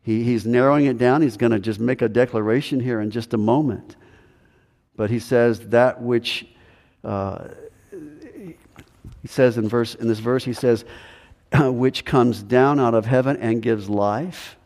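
A man's voice: medium pitch, steady tone, unhurried, long pauses, darkish tone. A man preaching a sermon as pastor, emphatic, repeating key phrases for stress. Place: church sanctuary. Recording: echoey hall with long reverb.

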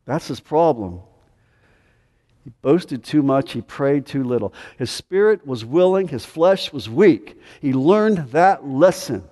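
A man preaching in a church sanctuary with a fairly high voice. His delivery is emphatic, swelling up and then sinking to a low, intense hush. The sound carries a long hall reverb. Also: expressive, takes it slowly. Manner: emphatic, drops to quiet intensity. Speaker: pastor. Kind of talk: expository sermon.

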